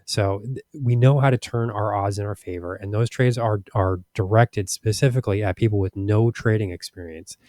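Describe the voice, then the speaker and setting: A man's voice: on the low side, steady tone, normal speed, hardly any pauses, a little mellow, no echo, clean studio sound. A man hosting a stock market channel, speaking frankly and with exasperation over charts, with many restarts and fillers. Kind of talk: casual commentary over charts.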